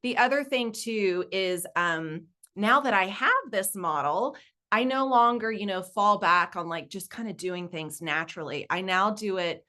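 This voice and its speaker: A woman's voice: medium pitch, a little slow, pushed and bright. A woman in her forties with a Southern US accent, presenting a webinar as a nonprofit consultant, casual, upbeat and chatty. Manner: upbeat, chatty, laughs easily.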